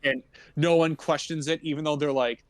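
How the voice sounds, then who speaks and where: A man's voice: on the high side, steady tone, moderate pace, dry recording. A man co-hosting a movie podcast in casual chat, rambling through plot recaps and filling gaps with "you know" while laughing often. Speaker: podcast co-host.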